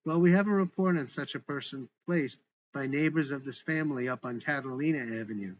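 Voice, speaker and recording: A man's voice: mid-range voice, a little fast, lightly acted. A curt, officious federal agent, voiced by a man. He answers in short, unbending lines. The sound is muffled with faint background hiss.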